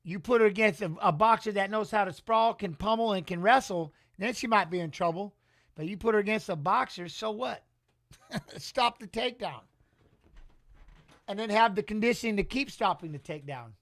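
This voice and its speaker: A man's voice: high voice, normal speed, a bit bright. A middle-aged man giving casual live fight commentary in a rambling, emotional, salty way. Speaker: watch-along commentator.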